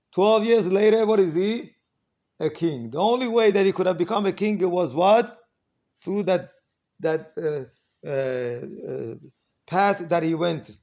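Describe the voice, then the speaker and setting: A man's voice: high voice, darkish tone. A man giving an informal Torah class as a rabbi, talking conversationally with many rhetorical questions and acting out quoted lines. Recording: dull lo-fi recording.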